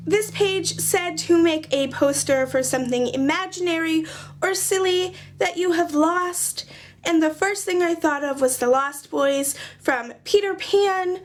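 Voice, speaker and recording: A woman's voice: very high-pitched, measured pace. A young woman casually chatting through her journal pages in a vlog, joking at herself with dry sarcasm. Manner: chatty, self-mocking, sarcastic jokes. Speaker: craft journaling vlogger. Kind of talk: casual chat.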